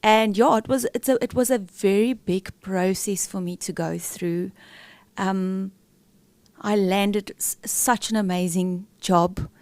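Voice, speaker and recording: A woman's voice: mid-range voice, fairly even intonation, slow, darkish tone, dry recording. Middle-aged woman, podcast guest, candid emotional storytelling, plain mid voice, dry close sound. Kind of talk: personal story in a podcast interview.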